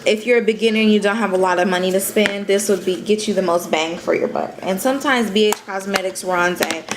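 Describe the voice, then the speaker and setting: A woman's voice: mid-range voice, fairly quick, background noise. A young woman talks through her makeup picks in a casual, sassy way, dropping a "honey" here and there. Her voice sits in the middle of the range. She is seated at home, speaking to a camera mic. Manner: chatty, sassy, calls viewers honey. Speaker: beauty vlogger.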